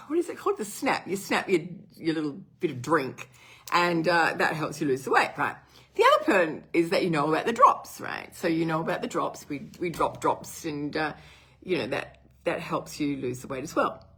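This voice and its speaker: Speaking to camera as a brand partner, a middle-aged woman with a cough tells a customer story. She rambles casually and fills her talk with fillers. Her voice is low, slightly rough, and fairly bright in tone.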